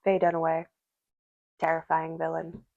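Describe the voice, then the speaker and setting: A woman's voice: low-pitched, monotone, normal speed, darkish tone, no room sound, dull audio. A woman giving a casual spoken tarot reading, musing aloud and speaking directly to the spirits and to her viewers. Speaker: tarot reader.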